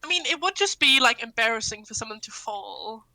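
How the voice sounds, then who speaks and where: A woman's voice: a little high, lively intonation, fairly quick, bright, forceful tone, low-quality recording. A woman playing a tabletop game, often repeating words as she starts. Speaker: player.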